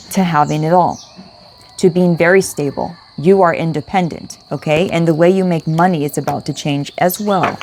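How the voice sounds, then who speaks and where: Young woman, casual spiritual card reader, low-ish voice, chatty and loose-mouthed, outdoor hiss. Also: a little mellow. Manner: chatty, swears, talks to her dog in between.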